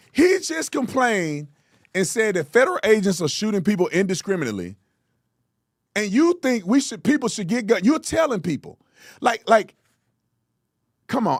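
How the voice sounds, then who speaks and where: A man hosting political commentary, mocking and animated with loud outbursts. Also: fairly high pitch, no room sound, studio quality. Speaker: host.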